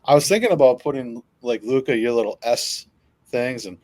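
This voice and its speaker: A man's voice: medium pitch, animated, moderate pace, darkish tone, no echo. A man with a Wisconsin accent, co-hosting a casual podcast in a laid-back, joking way. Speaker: podcast co-host. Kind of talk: casual bar-style chat.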